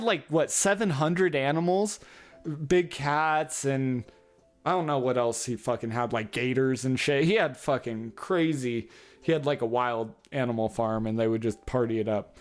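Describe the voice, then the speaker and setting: A man's voice: medium pitch, measured pace, faint music behind. A man hosting a podcast alone, rambling casually with heavy swearing and frequent chuckles. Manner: rambling, heavily profane, chuckles often. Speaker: podcast host. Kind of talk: casual solo podcast monologue.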